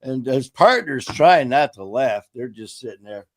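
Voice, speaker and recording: Middle-aged male host with mid-range pitch; relaxed, profane storyteller who laughs as he talks. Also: a little slow. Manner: animated, profane, laughs through his stories. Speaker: podcast host. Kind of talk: casual storytelling chat.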